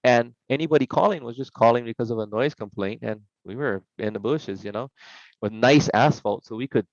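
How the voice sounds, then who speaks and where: A middle-aged man spins casual stories on a podcast and acts out each voice he quotes. His voice sits at a middle pitch. The recording is dry and a little dull. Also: a little fast, no room sound. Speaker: podcast guest. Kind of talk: casual storytelling.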